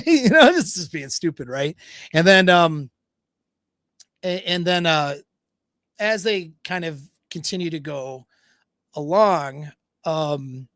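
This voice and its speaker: A man's voice: on the high side, expressive, measured pace, pauses often, a bit bright, no echo. A man talking as a dating coach on a livestream, retelling a story in a loose, rambling way with many fillers and quoted dialogue.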